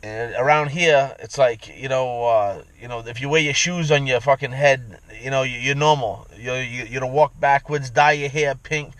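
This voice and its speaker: A man's voice: mid-range voice, moderate pace, few pauses, a bit bright, dry recording, poor audio. A man ranting in a profane, rambling vlog monologue from inside his vehicle, repeating himself as he goes. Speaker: vlogger.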